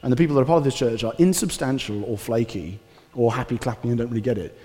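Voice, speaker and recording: A male pastor giving a conversational, animated sermon with casual asides. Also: medium pitch, quick pace. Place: church hall. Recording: reverberant church hall.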